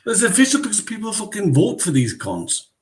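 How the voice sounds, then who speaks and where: A man ranting on a video call stream, swearing freely as he talks. His pitch swings widely, climbing and dropping as he gets worked up. The sound is casual, the kind you get from an online call. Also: wildly swooping pitch, fairly quick. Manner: profane, ranting. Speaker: livestream host. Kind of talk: casual chat.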